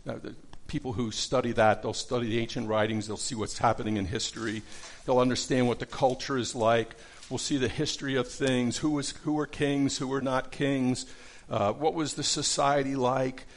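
A middle-aged man leads a casual Bible study lesson in a gravelly, mid-range voice. He talks conversationally, often restarting his sentences and filling pauses. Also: medium pitch, fairly even intonation. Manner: conversational, many fillers and restarts.

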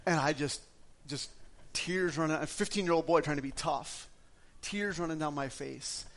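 A man from Wisconsin delivers a sermon built around his own testimony. His voice sits a little high for a man. He swings from loud, lifted passages down to hushed, quiet ones. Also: normal speed. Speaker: pastor giving his testimony.

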